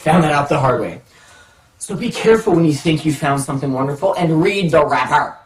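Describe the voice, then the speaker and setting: A man telling a comic personal story to the camera, animated and self-mocking. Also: on the high side, fairly quick, slight background noise. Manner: animated, self-mocking, acts out voices in his stories. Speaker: storytelling vlogger. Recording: echoey room, mic far off.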